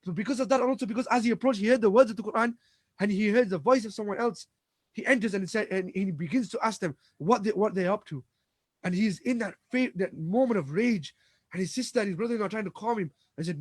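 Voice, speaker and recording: This Islamic lecturer's voice is husky and sits high, and he talks fast with no room sound. He retells religious stories dramatically, performing the dialogue, often restarting and repeating words.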